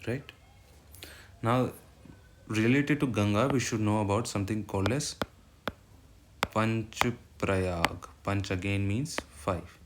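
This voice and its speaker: Man, Indian English accent, fairly low voice, explanatory lecture, heavy background noise. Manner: explanatory, checks in with frequent "right?". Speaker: exam-prep teacher. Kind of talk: classroom lecture mixing English and Hindi. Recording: loud background noise with clicks.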